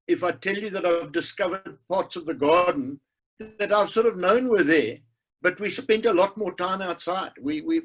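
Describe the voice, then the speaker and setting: An older man, telling a wry, unhurried story about life at home on a video call. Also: on the high side, poor audio. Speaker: webinar participant. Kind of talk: casual personal anecdote.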